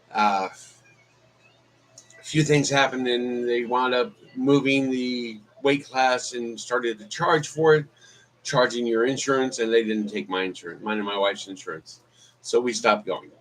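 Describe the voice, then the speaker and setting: A man's voice: medium pitch, a bit bright, slight background noise, poor audio. A man chatting casually on a live stream as a vlogger, rambling with many fillers and restarts. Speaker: YouTube vlogger.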